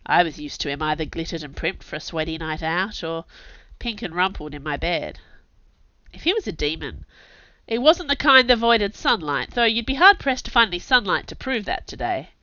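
A woman narrates a first-person novel with wry, sardonic humor. Her voice is bright and slightly low-pitched, with lively swings in pitch. The recording is dry and a little dull. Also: moderate pace, no echo. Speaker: audiobook narrator.

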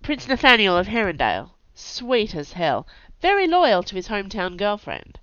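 A woman's voice: mid-range voice, big pitch swings, moderate pace, fairly bright tone, smooth, dry recording, lo-fi sound, pitched above the performer's own voice. A woman voicing a cocky, restless young male warrior who talks in brash, teasing outbursts. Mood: breezy.

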